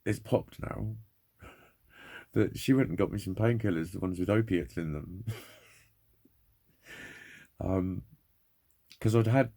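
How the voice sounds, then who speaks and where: A man's voice: low voice, slow pace, vocal fry, pauses often, dark tone. A man in pain, talking in a rambling, frustrated monologue full of swearing. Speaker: vlogger. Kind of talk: candid personal monologue.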